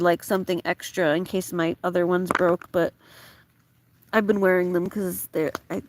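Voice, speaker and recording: An American woman vlogging casually from a tent on a campsite at night, rambling with many fillers and slipping into high baby talk with her dog. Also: a little hiss or hum. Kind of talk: casual chat to camera.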